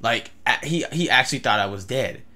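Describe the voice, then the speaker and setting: A young man rambles through a story-time vlog, full of "like" and stammered restarts. His voice is mid-pitched with a bright edge. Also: animated, a little fast. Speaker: vlogger.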